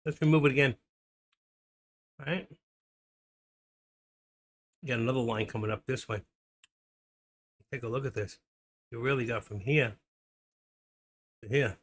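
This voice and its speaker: A man's voice: mid-range voice, a little slow, long pauses, breathy edge. A middle-aged man hosting a stock trading livestream, chatting casually and talking to viewers by name. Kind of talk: casual live-stream chat while trading.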